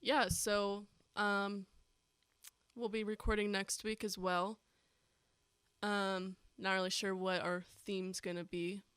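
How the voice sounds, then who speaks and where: A young woman co-hosting a podcast, talking casually in a relaxed, hesitant way with "um" and "like". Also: mid-range voice, slow, smooth, no room sound. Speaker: podcast co-host. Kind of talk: casual chat.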